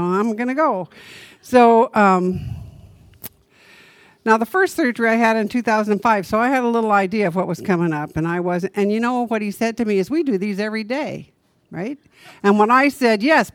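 A woman minister delivers a chatty sermon at a mid-range pitch, turning to her listeners with rhetorical questions. She slows down to lean on her main points. The sound is dry and close, with almost no room echo. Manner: conversational, asks the congregation rhetorical questions. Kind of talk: sermon with storytelling.

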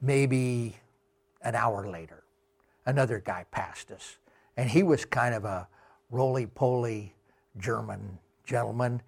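A middle-aged man giving a talk with slides, telling travel anecdotes slowly with many fillers. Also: medium pitch, creaky, breathy edge. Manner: slow, unhurried anecdotes with fillers. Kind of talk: storytelling talk.

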